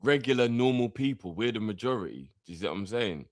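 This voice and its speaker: A man with a fairly low voice, chatting loosely in street slang as co-host of a football channel. The sound is close and dry, with no room around it. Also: quick pace, no echo. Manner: laid-back slang, animated when mocking critics. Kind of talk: casual chat.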